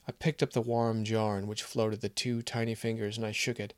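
A man's voice: lowish voice, moderate pace, no room sound, clean studio sound. A man reading a short story aloud, voicing the characters' dialogue with strong emotion. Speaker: narrator. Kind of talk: scripted story narration.

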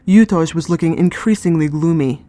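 Low-voiced woman narrating a story. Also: moderate pace, warm tone, no echo. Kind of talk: scripted first-person narration.

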